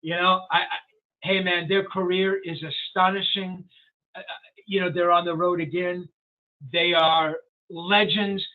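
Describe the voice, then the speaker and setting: Older male journalist guest, high voice, tinny call audio, rambling anecdotal storyteller. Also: level tone, unhurried. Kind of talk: storytelling interview. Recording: tinny phone-like sound.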